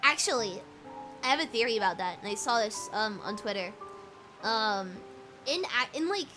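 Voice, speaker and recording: A woman's voice: fairly high pitch, rough recording. A young British woman with a British accent chatting casually while streaming a game, rambling with many fillers. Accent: British English. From Britain.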